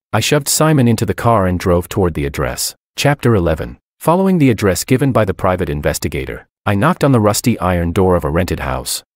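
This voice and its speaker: A man's voice: sits low, dry recording, studio quality. A man narrating a first-person story in a cold, dramatic manner.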